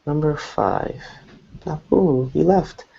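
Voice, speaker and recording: A man teaching an online English class, explaining patiently and slowly with examples. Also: fairly high pitch, lively intonation, gravelly, mellow, slightly rough, lo-fi sound.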